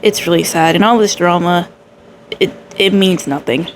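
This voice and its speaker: A woman's voice: lowish voice, normal speed, faint music behind. A woman hosting a reaction video, commenting with sarcasm and scorn on the clip she is watching. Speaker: reaction channel host.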